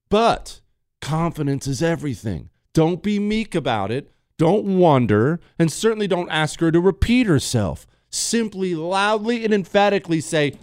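Joking talk radio host man, lively delivery. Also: a little high, a little fast, no echo, clean studio sound. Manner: joking and emphatic, addressing listeners directly. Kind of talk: casual talk radio monologue.

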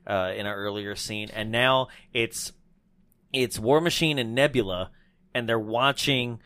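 A man's voice: medium pitch, a little slow, dry recording. A man in casual conversation recapping a movie, sharing trivia and acting out lines. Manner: lively storytelling, shares trivia, acts out lines.

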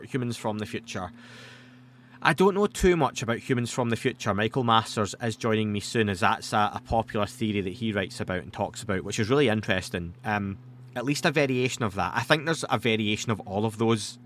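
A man's voice: mid-range voice, fairly bright tone, a little hiss or hum. A man, hosting a podcast and answering listener questions in a casual, rambling way with self-deprecating asides.

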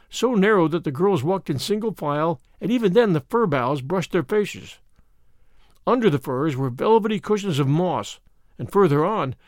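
A man reading a story aloud as narrator, in an expressive storytelling manner. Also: on the high side, dry recording, studio quality. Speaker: audiobook narrator. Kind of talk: scripted narration.

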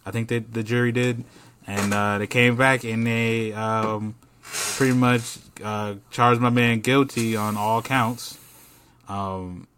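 A man co-hosting a podcast in loose, profane casual chat, animated and full of slang. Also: medium pitch, takes it slowly, slight background noise. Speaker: podcast co-host.

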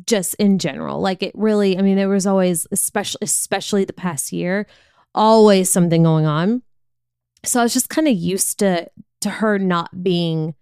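A woman's voice: mid-range voice, a little mellow, clear, resonant tone, no echo, clean studio sound. A woman hosting a podcast, telling a personal story in a frank, confessional, conversational way. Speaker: podcast host.

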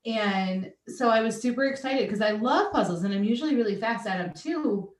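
Excitable lady podcast host, lots of laughing, sounds far off the mic with a roomy echo. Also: fairly high pitch, moderate pace. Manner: enthusiastic, laughs often. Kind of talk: casual interview chat.

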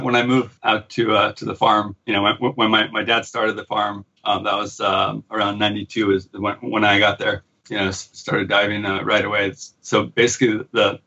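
An American man with a halting, restart-filled manner, talking as a guest in a casual interview. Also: on the low side, pushed and bright. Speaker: guest, pearl diver and surf photographer. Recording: dull lo-fi audio.

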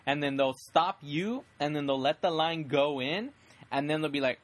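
A young man hosts a casual podcast chat, rambling enthusiastically and restarting his sentences often. His voice is fairly high in pitch, and he talks at a normal speed.

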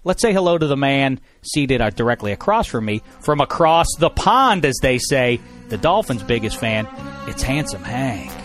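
A man's voice: mid-range voice, big pitch swings, normal speed, few pauses, fairly bright tone, faint music behind. A man hosting a casual studio podcast, jokey and playful as he introduces guests. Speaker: podcast host.

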